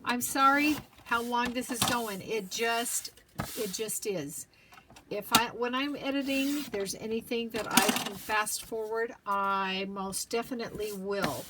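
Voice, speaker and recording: A woman hosting a paper-craft tutorial, chatting to herself as she works, sometimes whispering, her voice going hoarse. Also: fairly high pitch, very noisy. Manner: slow, chatty, talks to herself while working, drops to whispers. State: losing her voice, clearing throat.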